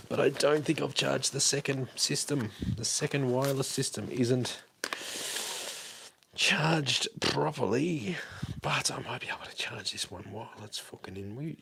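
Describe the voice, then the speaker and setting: A man with a creaky, mid-range voice hosts a livestream, chatting casually and swearing while he tinkers with gear on a wireless mic and walks down a hallway in his house. His talk is rambling, and there's noise in the background.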